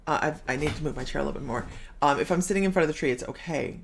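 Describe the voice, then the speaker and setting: A woman's voice: low-pitched, very fast, creaky. A middle-aged woman hosting a casual live stream as a psychic medium, bubbly, laughing often and reading viewer comments aloud.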